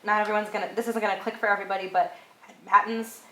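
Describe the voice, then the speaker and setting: This church reader workshop instructor talks very fast in a medium-pitched, fairly bright voice with little pitch movement. She coaches casually, filling her speech with "um"s and "like"s and laughing at herself, in an echoey church hall with light background noise.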